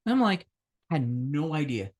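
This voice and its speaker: A man's voice: fairly high pitch, sing-song, moderate pace. A man co-hosting a podcast, telling a long anecdote in casual chat. He swears a lot, laughs often and acts out the voices of the people in his story. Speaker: podcast co-host.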